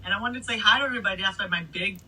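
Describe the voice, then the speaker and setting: A middle-aged woman DJ telling stories in a casual interview, animated, swearing freely and laughing between anecdotes. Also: mid-range voice, rapid-fire, breathy edge. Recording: voice a bit distant from the mic.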